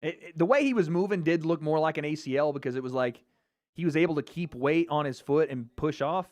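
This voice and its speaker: An American man hosting a live fight watch party, reacting with loud, excitable exclamations. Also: fairly high pitch, fairly quick, dry recording. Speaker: livestream host.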